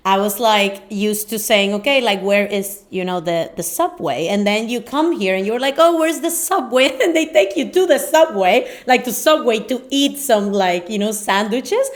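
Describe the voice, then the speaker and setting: A woman's voice: medium pitch, expressive, normal speed, hardly any pauses. Chatty young woman host, Spanish native, easygoing filler-heavy banter. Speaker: podcast host. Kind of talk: casual chat.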